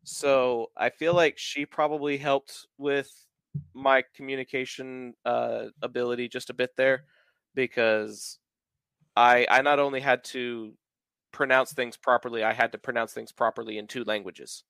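A man in his thirties from the American South hosts a podcast in a relaxed, talkative way. He lays out ideas at length and leans on plenty of filler words. His voice is mid-pitched and sits close and dry on the mic. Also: unhurried, creaky, smooth, no room sound. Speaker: podcast host. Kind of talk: casual podcast chat.

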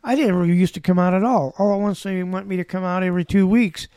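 High-voiced man in his seventies, mellow. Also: steady tone, fast talker, clear, resonant tone, no room sound. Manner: rambling anecdotes with dry humor. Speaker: guest, former backcountry ranger. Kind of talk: casual storytelling.

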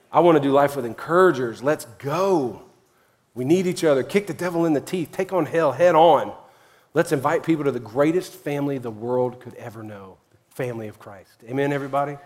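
A man preaching a lively sermon as a pastor, swinging between shouted encouragement and quiet, folksy asides full of slang. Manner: fiery, high-energy preaching with big swings in loudness and pitch. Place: church sanctuary, with a keyboard playing behind.

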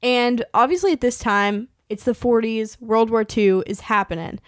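A woman's voice: a little high, steady tone, moderate pace, no room sound, studio quality. A woman in her twenties from California, hosting a podcast in a casual, chatty way with lots of fillers and laughs. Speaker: podcast host.

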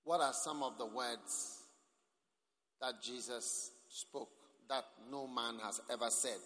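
A man preaching a sermon at a camp meeting, speaking emphatically, often rising to shouts and calling for amens. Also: mid-range voice, slow. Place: large hall at a camp meeting. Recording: echoey hall.

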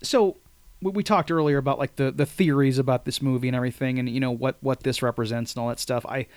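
A man's voice: medium pitch, steady tone, fast talker, dry recording. A man co-hosting a podcast, chatting casually about a film, agreeing often and filling his talk with "like" and restarts. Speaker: podcast co-host.

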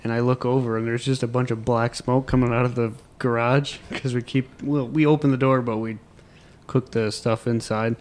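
A tired man hosting a loose after-work chat with friends. His pitch sits in the middle and his delivery rambles. He trails off and picks his sentences back up as the story comes to him. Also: flat delivery, moderate pace, a little mellow.

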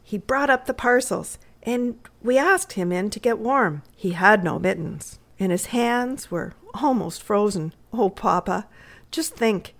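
A woman's voice: mid-range voice, measured pace, vocal fry. A woman voicing an eager, sweet little girl in a readers' theatre story reading.

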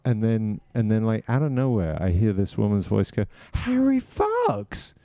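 A man's voice: lowish voice, brisk, dry recording. A man who co-hosts a comedy podcast, telling casual stories with plenty of swearing. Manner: swearing storyteller, animated when quoting people. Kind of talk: casual chat.

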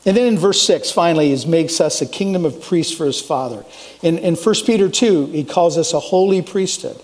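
High-voiced preaching man. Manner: earnest, emphatic, swings up for exclamations. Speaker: pastor. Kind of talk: sermon.

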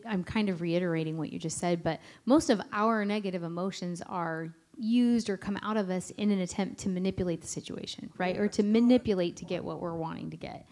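A woman speaking at a parenting conference, adding to her co-speaker's points in a gentle way. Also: fairly low pitch, a little fast, hardly any pauses. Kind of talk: conference talk.

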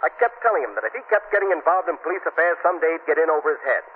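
An actor playing a stern police commissioner who speaks firmly and with regret, in 1940s radio acting. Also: male voice, fairly high pitch, lively intonation, racing, husky. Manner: firm, regretful. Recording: tinny old radio broadcast.

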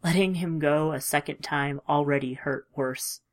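A woman reading a first-person story aloud in a measured, emotive way, dropping at times to a hush. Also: low-pitched. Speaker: audiobook narrator. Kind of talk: scripted audiobook narration.

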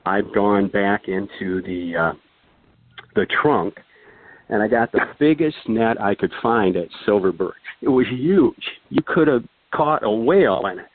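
A man's voice: fairly low pitch, expressive, measured pace, no room sound. A man, a podcast guest, telling a long anecdote in a casual, rambling way, chuckling and throwing in asides. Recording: thin phone-like sound, dry.

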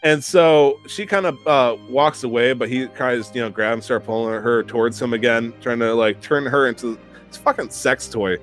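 A young man hosting a podcast, telling an animated, profane, self-mocking story in casual chat. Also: mid-range voice, normal speed, faint music behind. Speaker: podcast host.

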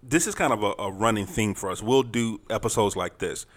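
A man's voice: on the low side, fairly quick. A middle-aged man co-hosting a married couple's podcast, talking in a laid-back, earnest way. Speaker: podcast co-host. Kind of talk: casual chat.

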